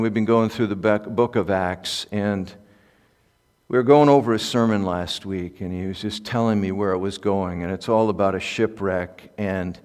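Pastor guy giving a sermon, goes soft then gets loud and fired up, big echoey hall sound. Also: lowish voice. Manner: swings from soft asides to loud impassioned peaks. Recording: echoey hall with long reverb.

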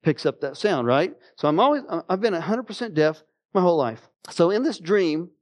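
Middle-aged man, pastor, sermon storytelling, fairly high voice, animated, swings between loud outbursts and hushed tones. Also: fairly quick. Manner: animated storytelling, rising to exclamations and dropping low and quiet. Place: church sanctuary.

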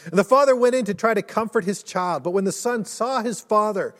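A male pastor preaching a sermon in earnest, rising to intense storytelling and dropping low and soft. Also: fairly quick, hardly any pauses. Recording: long hall reverb.

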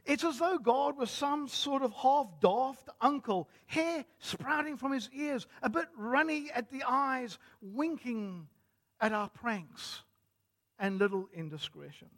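A male pastor delivers a sermon in a measured, earnest way. His voice sits fairly high, and he builds each point with care. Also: fairly bright tone.

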